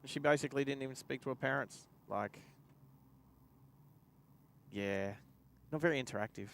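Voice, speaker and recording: Gravelly Australian bloke telling a story. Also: male voice, medium pitch, moderate pace, fairly bright tone. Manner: rambling anecdote, chuckling to himself. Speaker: driving livestream host. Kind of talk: casual storytelling while driving. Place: inside a car.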